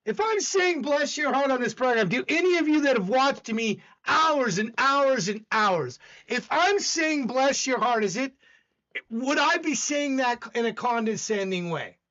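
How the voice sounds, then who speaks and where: A high, bright-toned man with a Southern accent rambles through casual livestream chat, arguing with his viewers. His pitch jumps around a lot, and the sound comes through slightly dull, lo-fi stream audio. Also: animated, measured pace. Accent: Southern American. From American South. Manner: rambling, talks back to chat, argumentative. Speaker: livestream host.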